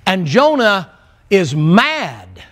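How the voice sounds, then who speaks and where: A man preaching a sermon, telling Bible stories in a folksy, animated way and acting out the characters' words. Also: sits high, very slow. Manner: folksy, animated storytelling with acted quotes.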